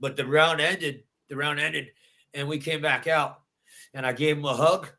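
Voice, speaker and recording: A male bare-knuckle fighter gives a post-fight interview, pushing each point with intense, repeated phrases. His voice sits a little high and rings sharp and tense. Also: fairly even intonation, moderate pace. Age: adult.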